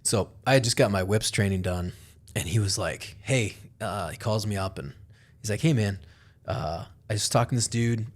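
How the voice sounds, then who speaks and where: A man's voice: lowish voice, normal speed. A man hosting a podcast, chatting casually and animatedly, swearing often and acting out quotes. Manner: animated, swearing, quoting others in lively voices. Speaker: podcast host. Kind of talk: casual chat.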